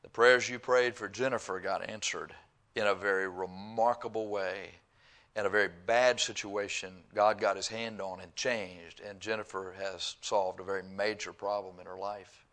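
A middle-aged male pastor in full sermon mode, folksy and animated. He reads out scripture, then slips into long stories, chuckling and taking on the voices of the people he quotes. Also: lowish voice, normal speed. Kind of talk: sermon with storytelling.

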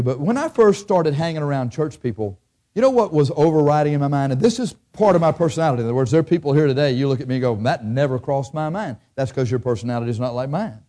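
Mellow-voiced male preacher. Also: medium pitch. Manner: conversational preaching with rhetorical questions. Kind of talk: sermon. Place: church.

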